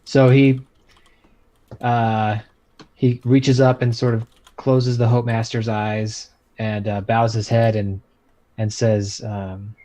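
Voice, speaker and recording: A man playing a tabletop game, soft-spoken and hesitant. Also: on the low side, level tone, slow. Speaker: player. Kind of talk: tabletop role-play.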